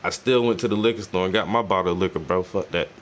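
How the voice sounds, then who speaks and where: A man telling a story in casual, profane slang while he paints, his delivery animated and loose. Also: sits low, fast, slight background noise. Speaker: painting stream host.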